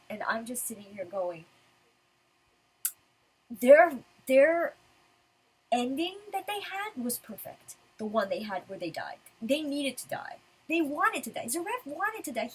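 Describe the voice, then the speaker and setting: A woman's voice: sits high, a bit bright, poor audio. A woman giving casual commentary as a manga reviewer, ranting in frustration.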